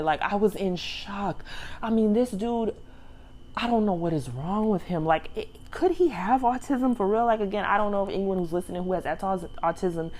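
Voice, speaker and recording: A woman's voice: mid-range voice, moderate pace. A woman hosting her own review channel, casually recapping a TV episode and acting out what people said, often laughing. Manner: animated retelling, acts out quotes, laughs often.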